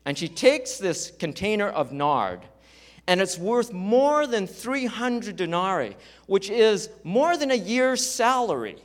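A man's voice: high-pitched, sing-song, slow. A man preaching as a pastor, reading scripture and explaining it in a conversational teaching manner. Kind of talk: sermon, Bible teaching.

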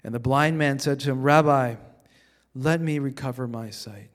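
A man's voice: mid-range voice, moderate pace. Conversational man preaching a sermon. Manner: conversational, repeats words when starting sentences; swings between quiet reading and emphatic rises. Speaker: pastor.

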